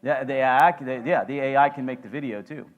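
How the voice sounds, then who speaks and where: A male pastor preaching in a church, his voice sitting at an ordinary middle pitch. He keeps it loose and chatty, with playful asides to the room. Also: brisk, narrow, tinny audio. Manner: conversational, joking asides. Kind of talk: sermon. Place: church sanctuary.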